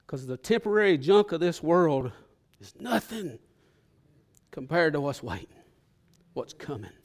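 A man's voice: on the high side, sing-song, a little slow. Impassioned preacher man. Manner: impassioned preaching, swelling loud then dropping to a hush. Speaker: pastor. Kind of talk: sermon.

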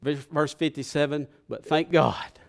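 A male pastor preaching a sermon, swelling to loud bursts and then dropping to a hush. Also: fairly high pitch, steady tone, unhurried, gravelly.

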